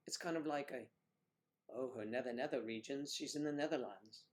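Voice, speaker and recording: A middle-aged American man co-hosts a casual livestream, reading comments and teasing viewers by name with bawdy jokes. His voice sits in the mid-range and moves at a brisk clip.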